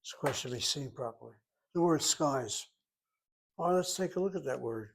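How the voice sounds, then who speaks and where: A man's voice: mid-range voice, lively intonation, fairly quick, gravelly, slightly rough. A man teaching a Hebrew lesson, explaining grammar step by step and thinking aloud as he goes. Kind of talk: informal language lesson.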